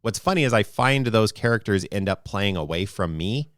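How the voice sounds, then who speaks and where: A man's voice: lowish voice, animated, moderate pace, a bit bright, no echo. A man co-hosting a podcast as game master, talking in a rambling, thoughtful way into a close mic. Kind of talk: casual podcast discussion.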